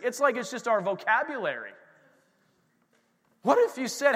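A man with a high, bright voice preaches a sermon from a church platform. He talks in an animated way, acts out the voices he quotes and calls out to the congregation. The sound carries a long reverb from the hall. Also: normal speed, pauses often. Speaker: pastor. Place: church sanctuary.

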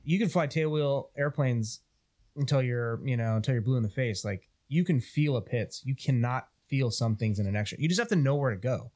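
A man's voice: medium pitch, expressive, a little fast, darkish tone. A man co-hosting a casual flying podcast, enthusiastic and bantering, swearing freely.

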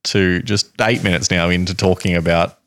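A man's voice: low voice, steady tone, moderate pace, a bit bright. A man hosting a podcast, casually telling a story to his co-hosts with frequent laughs and teasing. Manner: chatty, laughs often, teasing.

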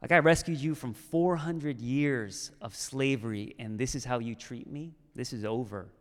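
Pastor doing god fed up and betrayed, casual talk, echoey hall. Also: male voice, mid-range voice, normal speed, natural voice. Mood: exasperated. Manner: casual, modern speech.

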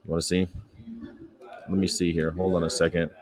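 A man with a somewhat low voice talks casually to his livestream audience from outdoors on a campus. He tells meandering stories, full of fillers and short laughs. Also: flat delivery, fairly quick, crowd noise. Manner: rambling, anecdotal, with frequent fillers and laughs. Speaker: vegan activist livestreamer. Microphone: phone or camera.

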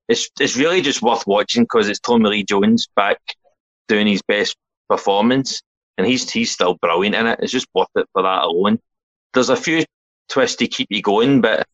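Lowish scottish guy recapping films, easygoing, laughs a lot, dry muffled sound. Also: fairly bright tone, dry recording. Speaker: podcast co-host. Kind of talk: casual film-chat podcast.

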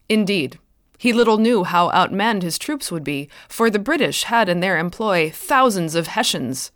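A woman author reading her own short story aloud in a measured, expressive way, close to the mic. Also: medium pitch, dry recording.

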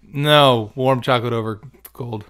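A man's voice: medium pitch, fairly even intonation, measured pace, a bit bright. A young man co-hosting a podcast in casual chat, joking and laughing often. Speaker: podcast co-host.

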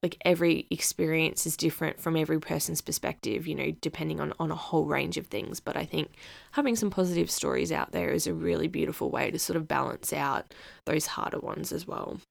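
A woman's voice: deep voice, brisk, vocal fry, dry recording. A woman hosting a casual interview, talking in a thoughtful, reassuring way with many fillers. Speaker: podcast host.

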